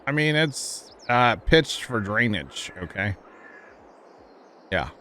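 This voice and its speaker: A man's voice: mid-range voice, sing-song, slow pace, bright, forceful tone, slight background noise. A man streaming a farming game live, chatting casually and easygoing with his chat and fellow players. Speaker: livestreamer.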